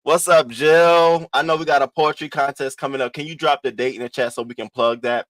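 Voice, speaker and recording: A man hosting a casual livestream, greeting viewers one by one in an animated, playful way. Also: fairly quick, no room sound. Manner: animated, playful, swoops up high when greeting people. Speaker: livestream host.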